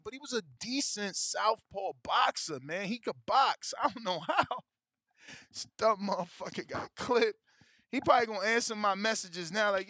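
A man's voice: high voice, normal speed, bright, forceful tone, no room sound, studio quality. A man hosting a boxing show, chatting casually and ranting emotionally with heavy slang and swearing. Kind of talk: casual chat about betting and fights.

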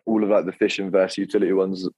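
A man's voice: low voice, flat delivery, fast, mellow, dry recording, rough recording. A young man, chatting as a podcast guest in a laid-back, rambling way. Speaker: podcast guest, clothing creator. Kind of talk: casual chat.

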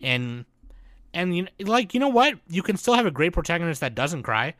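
A man co-hosting a podcast, ranting loudly and profanely, swinging between shouting and muttering. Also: fairly high pitch, big pitch swings, a little fast, no room sound, clean studio sound. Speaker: podcast co-host. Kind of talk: casual chat.

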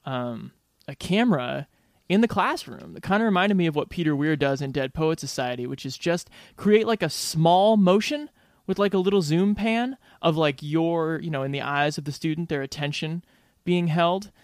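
Male podcast co-host, slightly raised pitch, casual and thoughtful, dry studio sound. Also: lively intonation, normal speed, no echo. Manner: conversational, searching for words. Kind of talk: casual film discussion.

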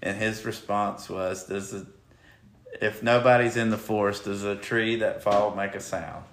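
A man with a lowish voice and an unhurried, drawn-out way of talking hosts a casual podcast chat. He is laid-back and jokes a lot. The sound bounces around an echoey room. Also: level tone, fairly bright tone. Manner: laid-back, joking, laughs often. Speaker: podcast host.

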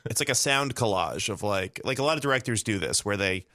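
A man's voice: fairly low pitch, expressive, a little fast, pushed and bright, no room sound, clean studio sound. A man co-hosting a casual comedic podcast chat, rambling and mock-earnest. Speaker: podcast co-host.

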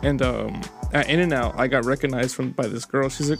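A man's voice: medium pitch, normal speed, creaky, a bit bright, faint music behind. A young man co-hosting a podcast, telling rambling stories in casual chat, swearing and laughing at himself. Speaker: podcast co-host.

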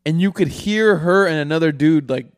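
A man's voice: on the high side, normal speed, no room sound, clean studio sound. A young man in casual podcast chat, retelling stories in a slangy, profane way.

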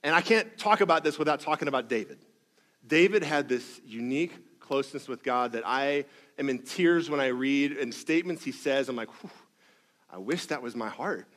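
A man's voice: mid-range voice, a little fast, fairly bright tone. A man preaching a sermon as pastor, conversational and emphatic, with self-deprecating asides and rhythmic repetitions.

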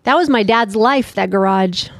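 A woman's voice: mid-range voice, normal speed, vocal fry, no echo. A middle-aged woman co-hosting a podcast, chatting and retelling family stories with quoted dialogue. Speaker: podcast co-host. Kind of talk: casual chat.

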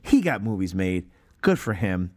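A man's voice: low-pitched, sing-song, moderate pace, a little mellow. Laughing, profane man reviewing films. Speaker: podcast co-host. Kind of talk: casual film review chat.

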